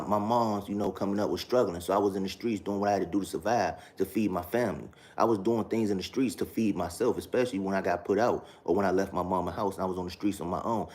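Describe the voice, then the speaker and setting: A man sharing his personal testimony in a casual, halting way, circling back and repeating himself, with street slang. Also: low voice, a little mellow.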